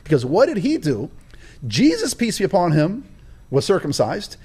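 As a guest in an interview, a man recounts his personal story with a preacher's cadence, stressing key words emphatically. His voice is high, mellow, and husky, swooping wildly in pitch at a normal speed.

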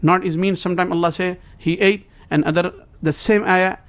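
A man's voice: high-pitched, fairly even intonation, normal speed. A man as a guest scholar, earnestly explaining in broken English and reciting quoted Arabic phrases. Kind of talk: explaining in conversation.

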